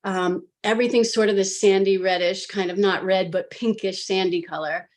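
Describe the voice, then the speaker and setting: On a live panel over a video call, a woman with a mid-range voice talks at a normal speed, casually recounting her own hypnosis session. Her retelling is animated and full of fillers, and she acts out quotes of what she said.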